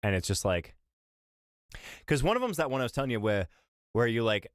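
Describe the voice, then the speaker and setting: A man chatting on a live stream while reacting to a video, rambling, profane and animated. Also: mid-range voice, a little fast, no room sound, clean studio sound.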